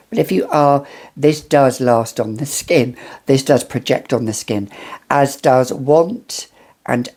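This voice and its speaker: A British woman with a strikingly low voice, enthusing over perfumes in a casual vlog. She talks at a leisurely pace, gushing and circling back on her words as she goes. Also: vocal fry, mellow, slightly rough. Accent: British English. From United Kingdom. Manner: gushing, enthusiastic, rambling with restarts. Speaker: fragrance reviewer.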